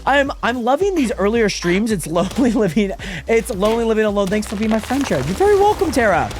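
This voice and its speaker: A young man chatting casually with viewers while live-streaming a game, animated and often exasperated. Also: high voice, fast talker, noisy background. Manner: animated, swings between excited greetings and exasperated muttering.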